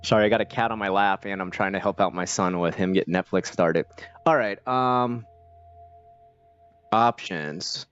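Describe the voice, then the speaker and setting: A low-voiced man chats loosely while streaming a game, full of fillers and restarts as his thoughts wander. The audio is dull and lo-fi. Faint music plays underneath. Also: a little slow, fairly bright tone, clear, resonant tone. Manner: rambling, many fillers and restarts. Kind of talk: casual live-stream chat while playing.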